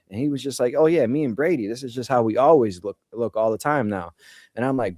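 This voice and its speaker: Relaxed man, dry close sound. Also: mid-range voice, quick pace, no echo. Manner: relaxed, fillers like "you know", "man". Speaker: podcast co-host. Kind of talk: casual chat explaining spiritual ideas.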